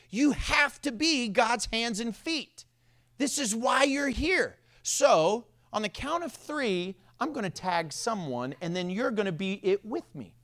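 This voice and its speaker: A man preaching a sermon as pastor in a church, playful and energetic, joking with the congregation. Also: very high-pitched. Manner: playful, self-mocking, energetic.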